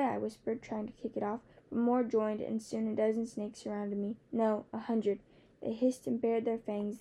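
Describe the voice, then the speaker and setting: A woman narrating a first-person novel as an audiobook, in a steady, measured storytelling manner. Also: medium pitch, vocal fry.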